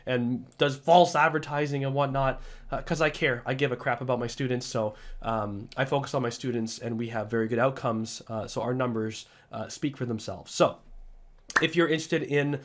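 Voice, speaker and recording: This male programming instructor voices over a screen-recorded tutorial at normal speed with a mid-range voice. His delivery is excitable and emphatic, almost a rant, and he comes across as a bit under the weather.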